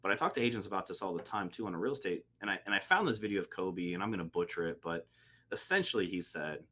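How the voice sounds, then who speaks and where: Deep-voiced man telling a motivational story. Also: expressive, fast, a bit bright. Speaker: podcast host, real estate agent. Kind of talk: casual interview chat.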